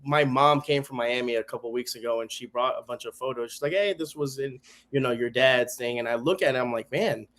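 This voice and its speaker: A man guesting on a podcast, chatting casually and telling animated stories that act out what other people said. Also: medium pitch, fairly quick. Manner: animated storyteller, acts out quoted people. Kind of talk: casual chat. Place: home garage studio.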